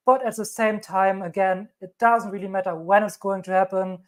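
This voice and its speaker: A woman with a thick German accent hosts a live crypto stream, reading news items aloud and repeating her points in an emphatic, reassuring way. Her voice is mid-range and steady, at normal speed.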